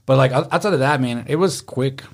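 A man casually telling animated stories among friends, swearing freely and acting out what people said. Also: medium pitch, fairly quick, gravelly. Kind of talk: casual storytelling chat.

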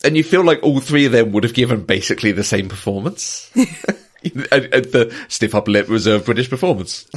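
A man's voice: mid-range voice, expressive, fairly quick, slightly rough. Hesitant, chuckling man discussing a film. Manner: thoughtful, hesitant restarts, chuckles often. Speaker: podcast co-host. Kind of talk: casual movie discussion.

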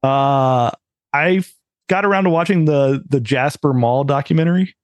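A man co-hosts a podcast in casual, rambling chat, leaning heavily on "like" and "uh." His voice is medium in pitch at a moderate pace, and the lo-fi recording has no room sound.

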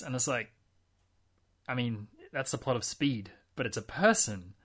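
A man's voice: medium pitch, unhurried, fairly bright tone, slightly rough. A man co-hosting a podcast in casual chat, rambling and wry, with many fillers and restarts. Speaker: podcast co-host.

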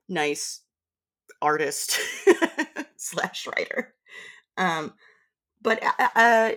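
Female podcast guest, low voice, sardonic, quick laughs, casual chat. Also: fairly bright tone.

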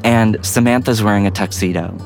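A man's voice: fairly low pitch, steady tone, fairly quick, music in the background. A man narrating an improvised bedtime story in a rambling way full of fillers. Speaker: guest storyteller.

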